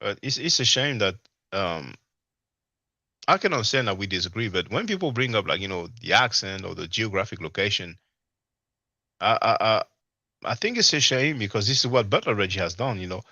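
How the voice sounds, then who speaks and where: Bright-voiced man hosting a live stream. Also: fairly low pitch, animated, fairly quick, no echo, lo-fi sound. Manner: rambling, many fillers, quotes others mockingly. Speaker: livestream panel host. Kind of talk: casual call-in commentary.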